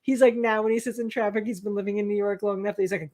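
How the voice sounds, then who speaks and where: A woman in her thirties co-hosting a casual livestream, telling stories with lots of laughter and loud, animated outbursts. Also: medium pitch, fast. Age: 30s. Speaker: co-host.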